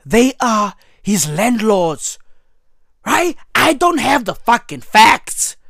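A South African man with a hoarse, cracking voice delivers a profane, comedic political rant, slipping into Zulu slang. His high voice leaps wildly up and down but his delivery stays unhurried. The recording is dry and close. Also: sharp tone, no room sound. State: hoarse, clearing throat. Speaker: vlogger.

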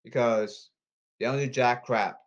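A man podcasting alone in a repetitive, halting, pleading monologue. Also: mid-range voice, steady tone. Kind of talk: rambling solo monologue. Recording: slightly dull lo-fi audio.

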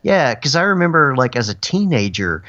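A man's voice: medium pitch, very animated, moderate pace, fairly bright tone, no room sound. A man in casual chat, laid-back and saying "like" a lot. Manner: laid-back, laughs along, lots of "like". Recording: dull lo-fi sound.

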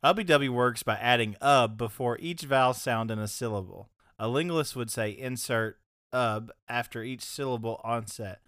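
A man's voice: mid-range voice, normal speed, few pauses, a bit bright, no echo, studio quality. A man co-hosting a podcast in casual chat, playful, laughing often and explaining game rules. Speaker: podcast co-host.

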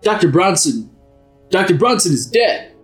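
A man's voice: high voice, big pitch swings, moderate pace, echoey room, soft background music. A man playing a tabletop game in character, rambling and self-deprecating. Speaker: player. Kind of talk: tabletop role-play in character.

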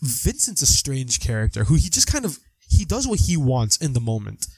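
A young man co-hosting a casual podcast chat about a film, animated and quick to act out lines from scenes. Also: slightly rough, no echo. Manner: animated, acts out quotes with big pitch jumps. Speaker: podcast co-host.

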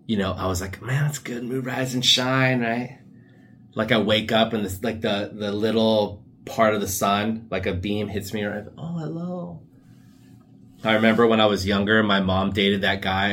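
A young man hosting a casual solo podcast, rambling through laid-back stories full of slang and asides. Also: low-pitched. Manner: often drops into silly put-on voices for quotes. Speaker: podcast host.

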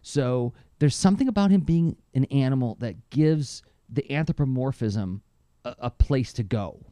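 Animated man, mellow dry voice. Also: moderate pace, no room sound. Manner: animated, enthusiastic storyteller with lively pitch jumps. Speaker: podcast co-host. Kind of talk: casual chat.

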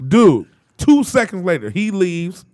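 A man's voice: sits high, very animated, measured pace, darkish tone, dry recording, studio quality. A man telling a comedy story, laughing often and acting out other people's voices, with plenty of swearing. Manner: laughs a lot, acts out voices, swears freely. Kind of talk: animated storytelling in a podcast chat.

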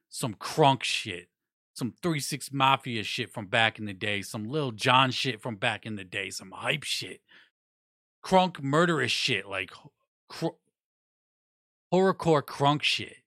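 Profane, bright-voiced man reviewing music. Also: medium pitch, no room sound, clean studio sound. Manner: blunt, profane, rambling with restarts. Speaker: music news vlogger. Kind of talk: casual opinionated review.

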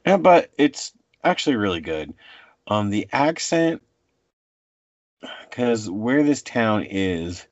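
A man in his forties co-hosting a casual chat, rambling and halting with many fillers, in a dull, muffled recording. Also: sits low, no echo.

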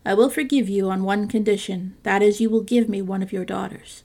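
A woman's voice: mid-range voice, fairly even intonation, a little fast, a little mellow, natural voice. A woman voicing an angry male beast who rules an enchanted palace, speaking sternly and grimly in a storybook reading. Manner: stern, threatening, grim.

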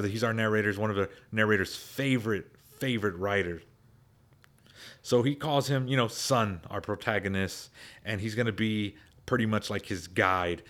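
Male host, slightly low pitch, relaxed rambling story recap. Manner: loose, rambling, repeats words while thinking. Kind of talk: casual story retelling.

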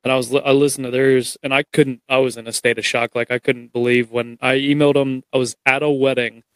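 A man's voice: mid-range voice, level tone, fairly quick, clean tone, dry recording. A man hosting a podcast, chatting casually and telling stories with quoted asides. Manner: loose storytelling with quoted asides. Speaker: podcast host. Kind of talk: casual chat.

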